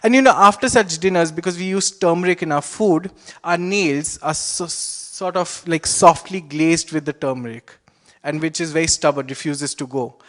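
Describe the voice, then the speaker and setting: A man's voice: on the high side, moderate pace, fairly bright tone. A young man with an Indian accent telling a personal story on stage, reflective and wry. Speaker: student storyteller.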